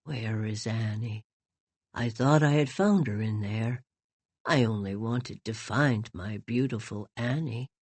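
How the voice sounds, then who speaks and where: A quiet, deep, mumbling old man who talks slowly and sadly, as a woman reader puts him on. It sounds close and dry, in an audiobook reading. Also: slightly rough, no room sound, heavily acted. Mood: mournful. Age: older. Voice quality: low, soft, mumbling.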